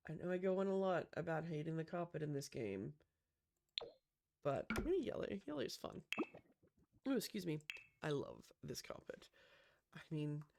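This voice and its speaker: A woman's voice: low voice, very animated, normal speed, creaky, long pauses, mellow, a little hiss or hum. A woman chatting casually with lots of gasps and "um"s as she builds a room in a life-sim game. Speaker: Sims builder. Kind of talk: casual gameplay commentary.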